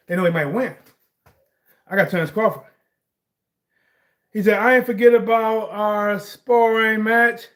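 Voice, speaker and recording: Animated high-voiced man ranting about sports. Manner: rambling, animated, bursts into shouts on points. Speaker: sports commentary vlogger. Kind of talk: casual chat.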